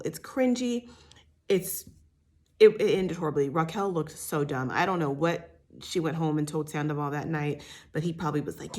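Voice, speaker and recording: A woman's voice: fairly low pitch, normal speed. A woman giving a chatty, blunt recap of a reality show, with lots of fillers and the odd swear word. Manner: animated retelling with many fillers. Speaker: TV recap host. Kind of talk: casual gossip recap.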